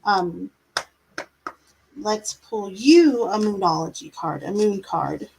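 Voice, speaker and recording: A woman's voice: medium pitch, lively intonation, slow, gravelly, darkish tone, a little hiss or hum, rough recording. A woman doing tarot readings on a live stream, chatty, laughing now and then, drawing out her words. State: yawning, a bit tired. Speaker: tarot reader.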